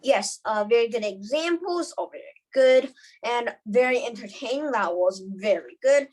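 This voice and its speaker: A woman's voice: on the high side, lively intonation, moderate pace, a little mellow, poor audio. A woman judging a speech tournament, giving brief feedback in short, repeated praise phrases. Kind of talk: casual spoken feedback.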